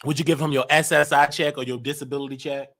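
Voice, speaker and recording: A man hosting a live call-in show, teasing callers in loud casual banter that swings up to shouting. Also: a little high, little pitch movement, quick pace, vocal fry.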